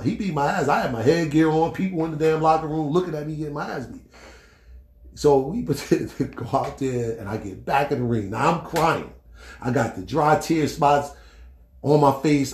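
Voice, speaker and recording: A middle-aged man hosting a podcast, telling a story in a blunt, animated way, acting out the quotes and swearing freely. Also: mid-range voice, roomy sound. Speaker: podcast host. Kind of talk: casual storytelling monologue.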